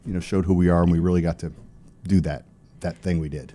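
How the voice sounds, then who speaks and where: A middle-aged man, a songwriter guest in an interview, telling animated stories and acting out the people in them. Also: low-pitched, fast. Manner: animated storyteller, quotes people in character. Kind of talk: storytelling interview.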